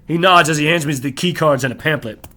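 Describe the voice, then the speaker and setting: A man reading his own novel aloud in the first person, measured and descriptive, slowing on key phrases. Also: on the high side, pushed and bright.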